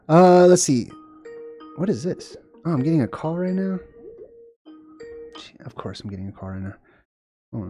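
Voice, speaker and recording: A man's voice: a little high, slightly rough, no room sound, clean studio sound. A man hosting a casual commentary vlog, ranting to viewers in an irritated, conversational way and swearing freely. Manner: conversational, talks straight to viewers. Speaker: host.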